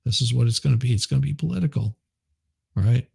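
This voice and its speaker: Gravelly, husky livestream host. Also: male voice, medium pitch, fast, a little mellow, no room sound, studio quality. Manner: rambling, chuckling, reads chat. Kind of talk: casual livestream chat.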